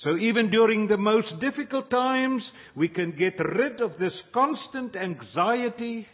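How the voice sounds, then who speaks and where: A man preaching a sermon as pastor, slow and measured, with dramatic pauses between phrases. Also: high voice, animated. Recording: tinny phone-like sound.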